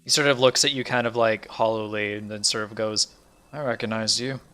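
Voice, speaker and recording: A man as game master narrating a tabletop game in a loose, halting way with many fillers. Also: lowish voice, steady tone, sharp tone, clean tone, faint music behind.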